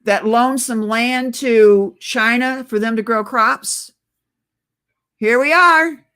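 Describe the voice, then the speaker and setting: A woman's voice: a little high, slow pace, a bit bright, clean tone. A middle-aged woman on oxygen, short of breath, ranting urgently to her viewers in a casual conspiratorial vlog and calling them guys. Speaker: political video blogger. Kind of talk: casual direct-to-camera rant.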